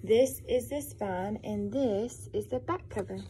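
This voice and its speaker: A woman, a preschool teacher, reading a picture book aloud to young children in a gentle, encouraging, expressive way. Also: mid-range voice, measured pace, a little hiss or hum.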